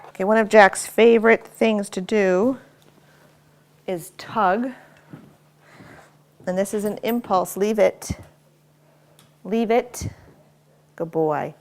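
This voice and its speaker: A woman dog trainer demonstrating at home, giving short firm commands and quick praise while explaining each step. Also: medium pitch. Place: home, indoors.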